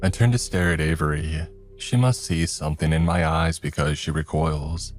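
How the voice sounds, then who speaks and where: Low voiced guy reading a creepy first person story, calm and measured. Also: faint music behind. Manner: measured storytelling, voicing all characters. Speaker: horror story narrator. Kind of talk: scripted first-person horror narration.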